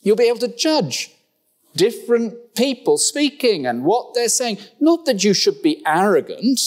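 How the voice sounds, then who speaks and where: Animated preacher, wry humor. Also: male voice, high voice, unhurried. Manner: animated and humorous, with rhetorical questions. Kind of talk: sermon. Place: church.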